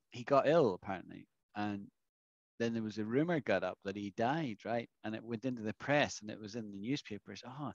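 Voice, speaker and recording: A man with a lowish voice and vocal fry teaches English in a classroom, explaining patiently and often checking that students understand. The recording is dull, lo-fi and dry, with no room sound.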